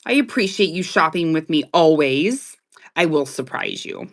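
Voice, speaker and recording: A woman selling jewelry on a live stream in loud, excitable, chatty talk that keeps breaking into laughs. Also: sits low, normal speed. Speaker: live online jewelry seller. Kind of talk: casual live-sale chat.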